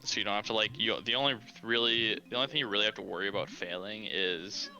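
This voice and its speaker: A man co-commentating a race in an easygoing way, explaining strategy and reacting quickly. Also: on the low side, bright, forceful tone, highs cut off, soft background music. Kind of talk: casual commentary.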